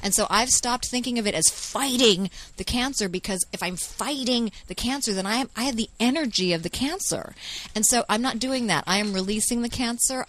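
A woman's voice: mid-range voice, fairly bright tone, poor audio. A woman guest in a casual podcast conversation recorded in a garage, talking in an earnest, emphatic way. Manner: earnest, emphatic, quotes others often.

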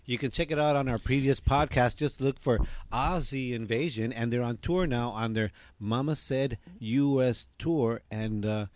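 A man's voice: mid-range voice, normal speed, hardly any pauses, darkish tone, no echo. Joking male podcast co-host, dry sound. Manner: joking, playful, uses slang like "Holmes". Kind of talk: casual podcast chat.

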